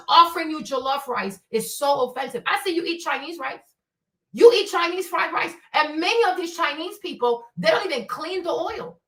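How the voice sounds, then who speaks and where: A woman from Africa delivers a fiery commentary rant, firing off one rhetorical question after another and swearing freely. Her voice sits high and sharp. She sounds a little distant from the mic, with a roomy echo around her. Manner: emphatic, profane, rapid rhetorical questions. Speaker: streamer host. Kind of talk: ranting commentary stream.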